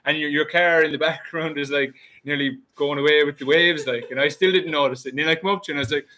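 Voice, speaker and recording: A man's voice: a little high, steady tone, quick pace, few pauses, sharp tone, slight background noise. An Irish man, a podcast guest, chatting casually and leaning on "dude" and "bro" fillers. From Ireland. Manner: laid-back, lots of "dude" and "bro" fillers. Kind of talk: casual chat.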